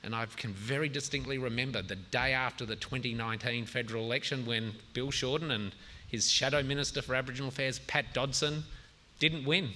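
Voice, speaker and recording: An Australian man in his forties speaks at a public forum in a sharp, bright voice at an ordinary pitch. He explains government policy earnestly and often restarts his sentences as he goes. A faint background hiss sits under his voice. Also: fairly even intonation, a little fast. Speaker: state government minister on a forum panel. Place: outdoor festival forum.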